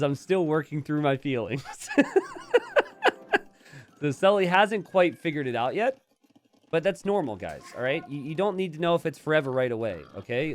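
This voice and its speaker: A man casting a strategy game, chatty and jokey, bursting into excited shouts and laughter. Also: medium pitch. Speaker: game caster. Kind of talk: live strategy game commentary.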